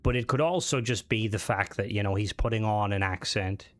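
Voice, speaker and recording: A lowish, slightly fast male voice comes through a dry recording. The young speaker has an Americanized Irish accent and streams a game live, chatting and rambling casually with viewers and swearing frequently.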